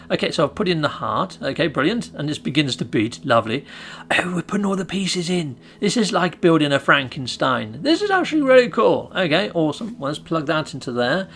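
A British man hosting a gaming channel, giving excitable, chatty gameplay commentary and cheering himself on. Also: a little high, vocal fry.

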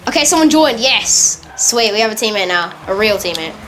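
With a mid-range voice and slight background noise, this woman gamer narrates her play in an eager, informal way. She laughs often and catches her own mistakes fast.

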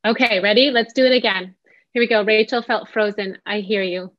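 Gentle woman therapist running an online parenting workshop, mid pitch, kinda muffled dry video call sound. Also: brisk, dry recording. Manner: gentle, inviting, calm. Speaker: social worker and psychotherapist leading a workshop.

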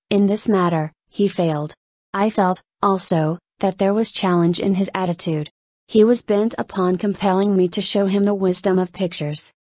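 A woman narrating an audiobook in a steady, measured storytelling voice. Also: mid-range voice, no room sound. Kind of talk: scripted narration.

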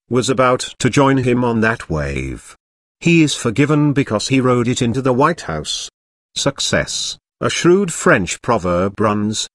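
A man reading a history audiobook aloud in a measured, even narration. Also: mid-range voice, no echo, studio quality.

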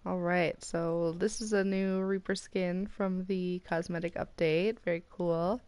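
An American woman streaming a game, chatting casually and getting excited as she opens loot boxes. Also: fairly low pitch, measured pace, clean tone. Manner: excitable and chatty, squealing at rare items. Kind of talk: casual commentary while opening loot boxes.

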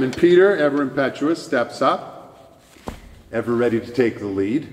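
A male pastor preaching a sermon in a church sanctuary, measured and emphatic, with dramatic pauses. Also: medium pitch, animated, reverberant, big-room sound.

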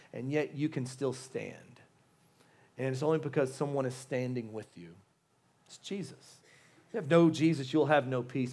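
A pastor in his thirties delivers a sermon with earnest emphasis, and his voice sits a little higher than most men's. He returns to key phrases again and again and often restarts his sentences as he drives a point home. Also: darkish tone. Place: church sanctuary.

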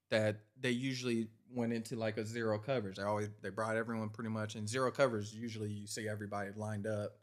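A man in his thirties, a podcast guest, telling a story in a loose, casual way with lots of filler words. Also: lowish voice. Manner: laid-back, loose, filler-heavy delivery.

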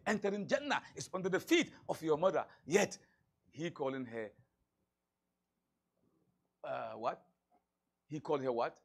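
A man preaching a sermon in a high voice that swings widely in pitch. He talks in an animated way, firing rhetorical questions and repeating his points. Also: moderate pace. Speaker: imam.

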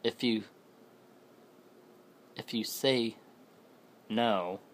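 Male storyteller, casual and rambling, with a deep, unhurried delivery. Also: a little hiss or hum. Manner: rambling, self-correcting. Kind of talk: casual spoken scary story.

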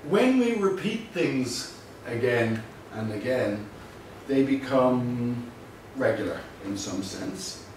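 A man's voice: mid-range voice, animated, takes it slowly, darkish tone, a little hiss or hum. A man giving a university lecture, explaining patiently with the odd dry aside. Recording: very echoey room, mic far off.

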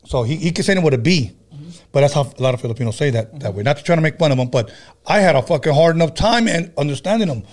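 A man's voice: fairly high pitch, animated, quick pace, darkish tone. Rambling, joking male podcast host. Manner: loose, profane and joking, tells stories with many restarts. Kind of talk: casual chat.

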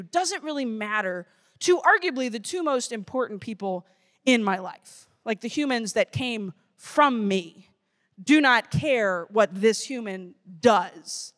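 A woman in her thirties giving a lively, playful talk to teenagers at a youth conference. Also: on the high side. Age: 30s. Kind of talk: motivational talk to teens. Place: conference stage before a crowd.

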